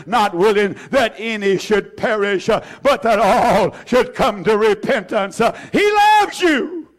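A high-pitched man preaches to his church with fervor. He repeats his phrases, rises to loud cries, then drops to soft, hushed lines. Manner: fervent, repetitive, swings from loud to hushed. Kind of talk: impassioned sermon.

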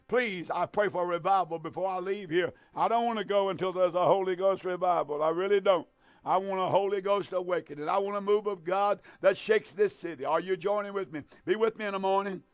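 A man's voice: high voice, fairly even intonation, fairly quick, no echo. An older man preaching a fervent evangelistic sermon from a church, repeating his appeals again and again. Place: church sanctuary.

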